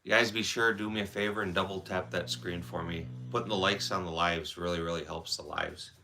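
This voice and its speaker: A man's voice: sits low, steady tone, brisk, gravelly, bright, forceful tone, soft background music. A man from Wisconsin with a Wisconsin accent, congested and with a sore throat, chatting casually on a livestream and reading out viewer comments. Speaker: livestream host. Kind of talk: casual live-stream chat.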